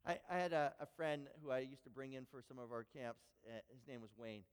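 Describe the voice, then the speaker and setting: A man preaching a sermon and telling a story, animated and often repeating words when he gets excited. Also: mid-range voice, brisk, clean tone. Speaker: pastor. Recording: long hall reverb.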